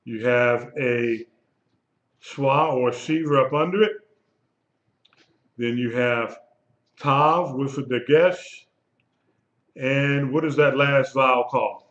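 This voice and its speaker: A man teaching a live Hebrew lesson, speaking slowly and patiently and repeating words for his students. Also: mid-range voice, fairly bright tone. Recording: lo-fi echoey room recording.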